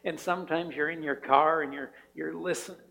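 A man's voice: on the high side, steady tone, brisk, creaky, bright, forceful tone, in a large hall, low-quality recording. A man preaching a sermon in a conversational way, often repeating words and asking his listeners "right?". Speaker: pastor.

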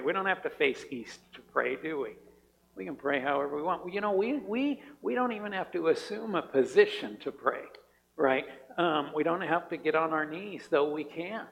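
A man's voice: a little high, animated, normal speed, gravelly, a bit bright, long reverb tail, poor audio. A man preaching a sermon in a conversational way, often repeating words and asking his listeners "right?". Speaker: pastor.

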